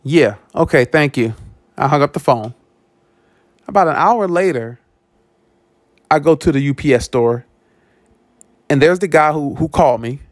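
A podcast host with a fairly high voice tells a personal story in a monologue at normal speed, with long pauses. He's animated, repeats words, and acts out what others said, recorded dry with clean studio sound.

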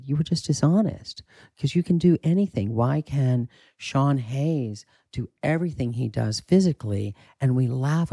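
A man talking as an acting coach in a casual interview, candid and emphatic, with a husky voice and the odd swear. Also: medium pitch, warm tone, no room sound.

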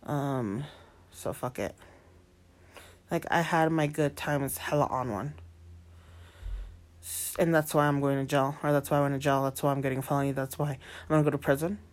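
A woman's voice: extremely low pitch, fairly even intonation, moderate pace, pauses often. A woman of twenty-nine, a single mother, venting in a defiant monologue full of swearing and repetition, slipping between English and Spanish. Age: 20s. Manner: heavy swearing, defiant, repeats herself.

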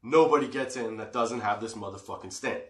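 A Canadian podcast host with a lowish voice tells stories briskly in a casual, profane style, laughing often. The recording has a roomy echo.

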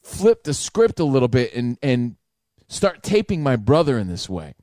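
A man co-hosting a radio talk show, chatting casually with animated, profane banter. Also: medium pitch, moderate pace, no echo, clean studio sound.

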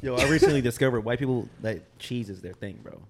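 A man's voice: medium pitch, fast talker. A young man in casual podcast banter, laughing and teasing the others. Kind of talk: casual chat.

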